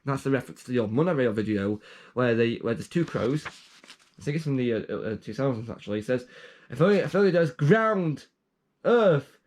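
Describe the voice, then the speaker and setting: A man's voice: medium pitch, animated, moderate pace, darkish tone, a little hiss or hum. A young man casually reading out his own joke documents, rambling and trailing off with self-aware asides. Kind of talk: casual commentary.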